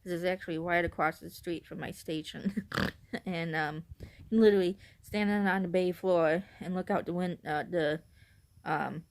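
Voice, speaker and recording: A woman's voice: lowish voice, fairly even intonation, moderate pace. A woman from northern Illinois talking casually to camera in a vlog. She rambles, keeps correcting herself, giggles often and admits to being nervous on camera. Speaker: vlogger.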